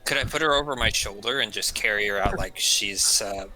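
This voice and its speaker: A man's voice: on the low side, brisk, bright, forceful tone, rough recording. A man playing in a tabletop game over a call, eager and brash. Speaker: player.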